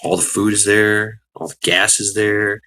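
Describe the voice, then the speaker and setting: A middle-aged man hosting a casual livestream, rambling with many fillers, greeting chatters by name and breaking into excited shouts. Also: fairly low pitch, unhurried, vocal fry. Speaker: livestream host.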